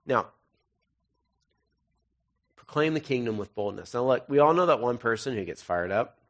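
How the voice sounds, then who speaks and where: A man's voice: mid-range voice, lively intonation, moderate pace. Man preaching a casual, joking sermon. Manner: jokey, conversational asides between readings. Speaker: pastor. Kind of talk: casual, humorous sermon with scripture reading.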